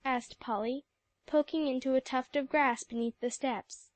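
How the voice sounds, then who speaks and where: Woman reading an audiobook, high-ish voice, dead dry mic. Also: steady tone, unhurried, no room sound. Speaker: audiobook narrator. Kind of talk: scripted narration.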